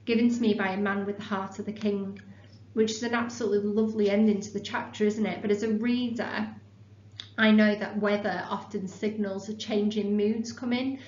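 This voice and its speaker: A woman teacher reading a story aloud to her class in clear, expressive storytelling, then explaining the activity. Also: medium pitch. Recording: echoey, slightly dull, faint hum.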